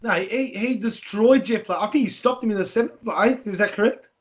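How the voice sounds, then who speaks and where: A high-pitched man hosts a casual chat. He tells stories animatedly, swearing freely and acting out the other people in them. The talk is loose and matey. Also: a little fast. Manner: animated, profane, acts out voices in his anecdotes. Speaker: podcast host.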